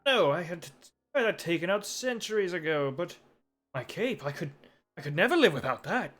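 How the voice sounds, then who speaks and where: A man's voice: sits high, expressive, brisk, a bit bright, faint music behind. A man voicing a pompous, melodramatic, lovesick old male vampire in a grandiose, theatrical manner. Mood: mournful.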